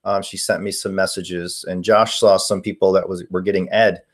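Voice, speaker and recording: A man's voice: sits low, level tone, normal speed. A man in his forties hosting a casual live stream, answering viewer questions in a rambling way with many fillers. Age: 40s. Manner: rambling, reading chat questions aloud with fillers. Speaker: paranormal live-stream host.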